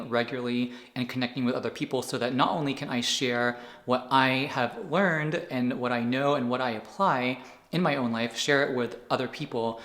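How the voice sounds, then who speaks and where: Male vlogger, average pitch, loose rambling delivery, roomy echoey sound. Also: a bit bright. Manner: rambling, restarts with many fillers. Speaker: anti-aging content creator. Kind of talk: unedited sit-down vlog.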